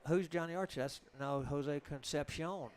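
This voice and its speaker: Male pool commentator, high voice, chatty yarn-spinner in the booth. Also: moderate pace. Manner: chatty, joking storyteller.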